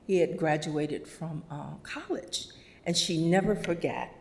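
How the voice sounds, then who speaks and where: A woman's voice: low-pitched, unhurried, creaky, a little mellow. Brief: middle-aged woman, eulogy storyteller, laughs through anecdotes, mimics voices. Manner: anecdotal, laughs often, acts out quoted voices. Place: funeral service.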